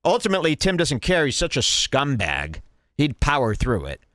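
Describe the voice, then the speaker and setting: Animated man mocking clips, dry sound. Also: mid-range voice, normal speed, dry recording. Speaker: podcast host. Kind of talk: commentary over clips.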